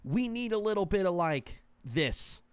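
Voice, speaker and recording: A man co-hosting a casual podcast, talking in an animated, rambling way with lots of restarts. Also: sits high, a little slow, creaky, clean tone, no room sound. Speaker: co-host.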